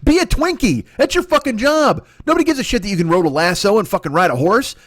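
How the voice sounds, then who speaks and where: A man's voice: high-pitched, animated, fast, fairly bright tone, no echo, clean studio sound. A man doing a solo comedy podcast rant, profane and exasperated. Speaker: comedian host.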